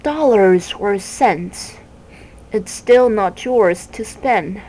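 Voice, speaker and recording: Woman doing a nasty cackling male bird, haughty, mocking, slow drawl, storybook reading. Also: on the high side, animated, darkish tone, slight background noise, poor audio. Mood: taunting. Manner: mocking, wordplaying taunts.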